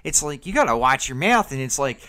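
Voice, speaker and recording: Man, podcast co-host, casual chat, loose and rambling, expressive pitch. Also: brisk. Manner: loose, casual, lots of fillers.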